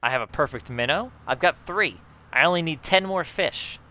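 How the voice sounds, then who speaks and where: A man in casual chat with viewers while gaming, excitable, swearing often and calling his viewers guys. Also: a little high, normal speed. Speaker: gaming YouTuber.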